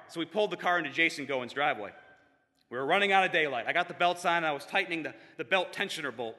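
A man recounting a personal story to a live audience with animated, self-mocking energy, slipping into the voices of the people he describes. His tone is bright and forceful, sitting a little high. The sound has a long reverb from a large hall. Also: quick pace.

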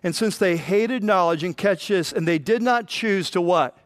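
A man preaching a sermon, reading scripture and acting out the voices in it with lively emphasis. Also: high voice, moderate pace, dry recording. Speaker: pastor.

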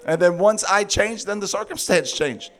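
A man preaching a sermon through a funny personal story, laughing often and acting out his own words in a high sing-song voice. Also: normal speed, fairly bright tone.

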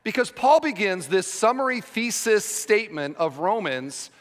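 Animated pastor preaching in a reverberant church. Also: male voice, high-pitched, normal speed. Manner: conversational teaching with frequent "okay?" checks. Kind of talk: sermon. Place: church sanctuary. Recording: long church hall reverb.

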